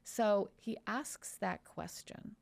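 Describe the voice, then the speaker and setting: A woman hosting a podcast and lawyer who tells a courtroom story in an animated, storytelling way. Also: medium pitch, slow pace, creaky. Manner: animated, storytelling, reenacts quotes. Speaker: podcast host and trial lawyer. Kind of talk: casual podcast conversation.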